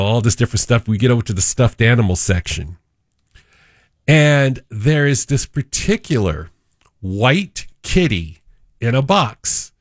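A man in his fifties filling in as a radio talk show host, chatting with callers and telling family stories, jumping up in pitch to act out voices. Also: no echo, clean studio sound. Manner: animated storyteller, acts out voices with pitch jumps. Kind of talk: casual radio chat and storytelling. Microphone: studio microphone.

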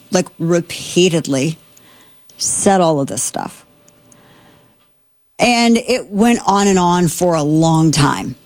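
A woman's voice: on the low side, darkish tone, no room sound. A woman hosting a show, talking through the news in a chatty, digressive way with frequent restarts. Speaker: show host. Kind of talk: casual news commentary.

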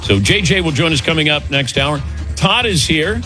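A man's voice: on the high side, animated, moderate pace, bright, forceful tone, soft background music. A man hosting a call-in radio show, chatting casually with co-hosts and callers. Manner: easygoing, fond of acting out quoted exchanges.

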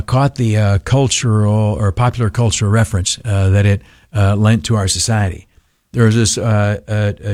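A man's voice: fairly low pitch, a little mellow, no echo, studio quality. A male talk radio host giving blunt, opinionated commentary, rambling with many ums and uhs. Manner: rambling, heavy fillers, blunt.

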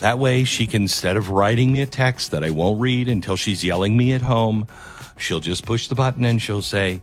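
A man's fairly low voice moves at a moderate pace as he hosts a talk radio show, faint music playing behind him. His talk is rambling and conversational, full of self-interruptions and restarts.

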